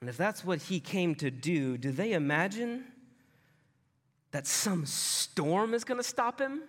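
A man preaching a sermon in a loose, conversational way, often dropping his voice low and soft for emphasis. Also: expressive, measured pace, in a large hall. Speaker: pastor.

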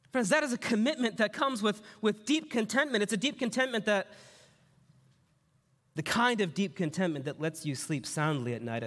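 Man, sermon, high voice, bright and forceful, conversational preaching, long hall reverb. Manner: conversational preaching with personal stories, rhetorical questions. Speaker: pastor.

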